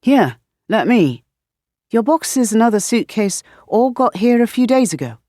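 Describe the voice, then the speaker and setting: A woman's voice: a little high, very animated, a little slow, mellow, no room sound, clean studio sound, pitched above the performer's own voice. A woman voicing a cheerful young British man, a grad student, eager and chatty.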